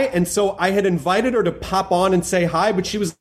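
A podcast host with a high-sitting voice chats casually, rambling effusively and using lots of fillers. His intonation is fairly even and his pace brisk.

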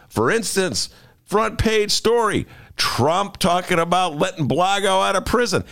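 A man's voice: sits high, lively intonation, measured pace, gravelly, a bit bright. A man hosting a casual radio talk show, telling rambling jokey stories and acting out other people's lines. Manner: rambling, jokey storyteller with voiced asides. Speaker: host.

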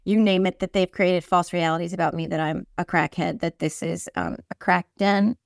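A woman's voice: fairly low pitch, steady tone, moderate pace, vocal fry, dry recording, clean studio sound. Joking woman hosting a podcast. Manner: joking, sarcastic riffs. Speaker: podcast host. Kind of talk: casual chat.

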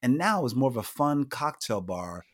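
A man hosting a podcast in a playful, animated casual chat, often restarting his sentences. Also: mid-range voice, moderate pace. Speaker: podcast host.

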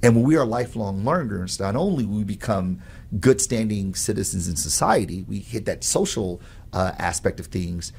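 A man who teaches at a college, explaining his ideas on learning in an animated, storytelling way and often adding "right?". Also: lowish voice, moderate pace, vocal fry, husky. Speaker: professor. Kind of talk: conversational explanation.

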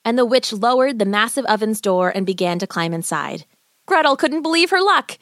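A woman reads a children's fairy tale aloud in a gentle, even storytelling voice. Her pitch sits a little high. The recording is close to the mic and dry, with no room echo. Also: brisk. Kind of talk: scripted story narration.

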